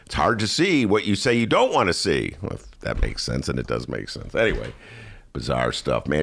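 Animated, sarcastic political talk host man. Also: a bass voice, normal speed, creaky. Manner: sarcastic, animated, many "uh" fillers. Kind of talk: casual political commentary. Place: studio.

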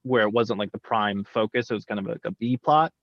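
A man's voice: lowish voice, fairly quick, no echo, highs cut off. A man co-hosting a casual podcast chat, rambling with lots of fillers and pushing back on the others. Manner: rambling, filler-heavy, argumentative. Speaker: podcast co-host. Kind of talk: casual chat reviewing a series.

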